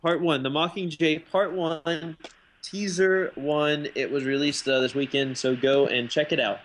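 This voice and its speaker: A man's voice: on the high side, steady tone, measured pace, fairly bright tone, a little hiss or hum. Rambling podcast host, a man. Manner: rambling, many fillers and restarts. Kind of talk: casual chat.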